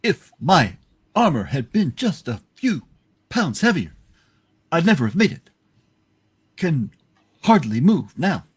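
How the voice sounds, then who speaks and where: A man reading aloud as a weary armored male superhero, slow and drawn out, with a husky voice. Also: on the high side, sing-song, full character voice. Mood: strained.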